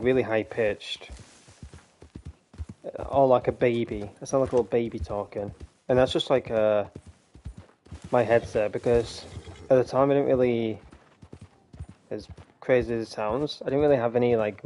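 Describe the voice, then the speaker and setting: A young man with a warm, mid-range voice rambles casually while gaming, talking into a headset mic. He's a chatty game streamer who laughs a lot and swears freely.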